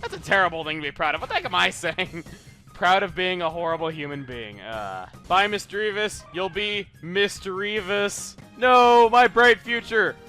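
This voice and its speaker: A young man commentating a video game playthrough, cracking puns, mocking himself and bursting into excited shouts. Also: high-pitched, normal speed, faint music behind. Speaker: let's play commentator.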